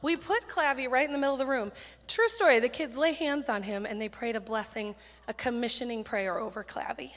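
A woman giving a sermon full of stories, talking in a chatty, animated, self-deprecating way with quick asides on a handheld mic in a church. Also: fairly high pitch. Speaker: children's ministry speaker. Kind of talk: sermon with storytelling. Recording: church hall reverb.

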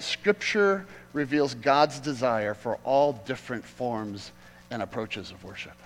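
A man preaching a sermon as pastor, swinging from loud emphatic peaks to quiet asides. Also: on the high side, long reverb tail, poor audio.

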